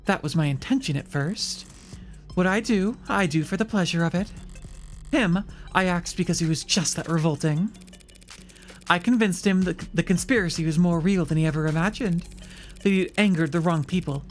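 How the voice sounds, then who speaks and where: A woman voicing a cynical, sharp-tongued woman lawyer with a dark streak in a live visual novel reading, dry and self-assured. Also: lowish voice, close to an everyday voice. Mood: menacing.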